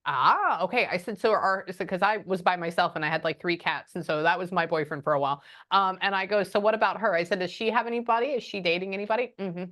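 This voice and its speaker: A woman giving a casual spoken reading as a psychic medium, often pausing and muttering "hold on" while she thinks. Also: fairly low pitch, fairly bright tone.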